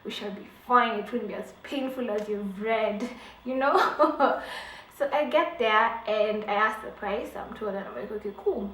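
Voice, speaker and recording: A woman's voice: on the high side, a little slow, fairly bright tone. A young woman, telling a dramatic personal story for her vlog with laughs and acted-out quotes. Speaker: beauty vlogger. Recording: echoey room, faint background hum.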